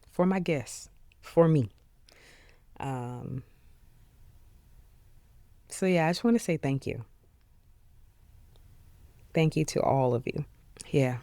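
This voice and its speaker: A podcast host speaking alone in an earnest, heartfelt way, with many pauses and fillers, openly emotional. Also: mid-range voice, creaky, a little mellow, no room sound, studio quality. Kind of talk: solo reflective podcast monologue.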